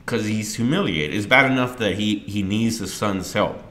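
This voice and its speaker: A middle-aged man hosting a podcast, telling a candid personal story earnestly and with emotion, getting loud and animated as he tells it. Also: on the low side, moderate pace. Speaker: podcast host.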